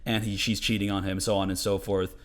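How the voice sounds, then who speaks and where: A young male gaming commentator with a low, fairly flat voice talks at a fairly quick clip over gameplay. The casual commentary is rambling and sprinkled with curses and fillers.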